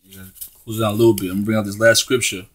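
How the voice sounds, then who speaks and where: A man's voice: fairly low pitch, level tone, very fast. A man preaching, reading scripture aloud and breaking in with emphatic, profane street talk. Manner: emphatic, profane and slangy between verses.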